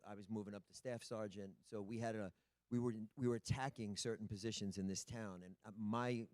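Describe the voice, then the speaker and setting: A man on a panel telling a story in a relaxed, plain way. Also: on the low side, dry recording. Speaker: panel guest. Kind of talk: anecdote on a panel.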